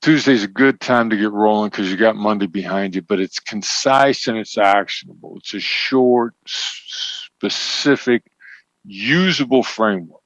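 A man as an interview guest, explaining negotiation points in a measured, emphatic teaching tone. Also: fairly low pitch, a bit bright, dry recording. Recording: dull, slightly lo-fi sound.

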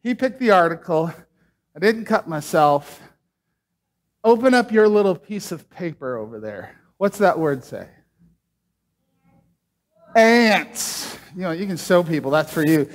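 High-voiced man preaching casually. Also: sing-song, unhurried, long pauses. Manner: chatty, joking with the congregation. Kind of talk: casual sermon with a magic trick.

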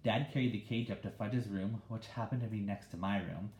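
Mellow man reading a children's book. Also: on the low side, fairly quick. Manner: relaxed, conversational. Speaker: reader. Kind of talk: reading a children's novel aloud. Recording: echoey room.

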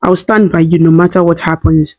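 A woman's voice: on the low side, fairly even intonation, fairly quick, darkish tone, natural voice. A woman voicing a torn, anguished young husband and father who speaks in a pained, hesitant way.

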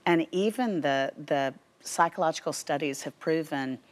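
A woman in her fifties with a Southern US accent, a guest author telling stories on a faith talk show in an animated way. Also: sits low, moderate pace. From Tennessee. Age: 50s. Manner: animated storyteller who quotes voices. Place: TV studio.

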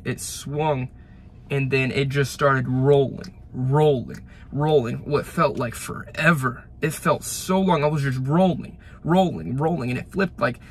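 A man's voice: medium pitch, a little hiss or hum. A young man in his late teens gives an emotional spoken testimony, retelling events fervently with repeated phrases and restarts, outdoors by a roadside ditch. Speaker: young Christian giving a testimony.

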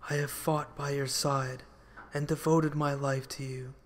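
A man's voice: mid-range voice, level tone, measured pace, natural voice. A man doing an earnest loyal knight. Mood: earnest plea. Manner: earnest, pleading. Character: loyal devoted male knight.

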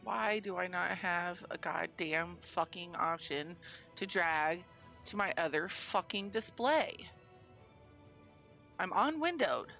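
A woman streams live, her low, gravelly voice edged with a sharp brightness as she curses and sighs through technical trouble. The sound is a little dull and lo-fi, with faint music underneath. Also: slow. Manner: frustrated, swearing, sighing. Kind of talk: live game stream chat.

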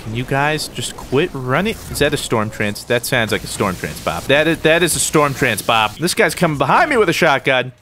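Young male gaming host, animated, jokey live commentary, slight background hiss. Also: mid-range voice, moderate pace, hardly any pauses. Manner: excitable, jokey, shouts at opponents. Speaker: gaming YouTuber.

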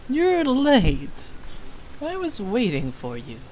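A woman's voice: on the high side, wildly swooping pitch, takes it slowly, darkish tone, a little hiss or hum, heavily acted, rough recording. A woman voicing a cheeky, flirtatious male unicorn as she reads game dialogue aloud, teasing and smug.

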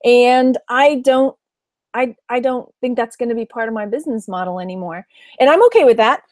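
A woman's voice: on the high side, normal speed, darkish tone, no echo. A middle-aged woman from Texas, chatting casually to camera about her week and her reselling business, laughing often and imitating her mother. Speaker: online reseller vlogger.

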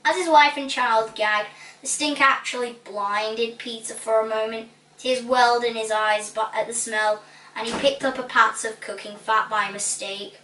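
A woman reads a children's story aloud with lively, playful expression, relishing the silly words. Her voice is bright and raised, and it echoes in a roomy space, picked up from a distance. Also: a little high, moderate pace, slight background noise. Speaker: storybook reader. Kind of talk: expressive children's book reading. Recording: roomy echo, distant mic.

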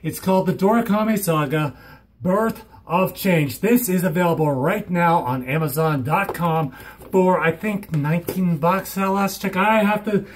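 Young man, high voice, hyper vlog, giddy and rambling, loud silly outbursts. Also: normal speed, a little hiss or hum. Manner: giddy, rambling, bursts of shouting and silly sounds. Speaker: vlogger. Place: at home.

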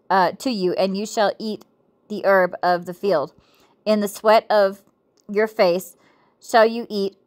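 A woman reading scripture and a devotional book aloud, with frequent self-corrections and playful, giggly asides. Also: mid-range voice.

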